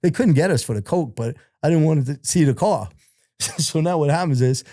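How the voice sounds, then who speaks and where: A middle-aged man, telling stories as an interview guest in an animated, profane way, laughing as he goes. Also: fairly high pitch, normal speed, no room sound, clean studio sound. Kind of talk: casual storytelling.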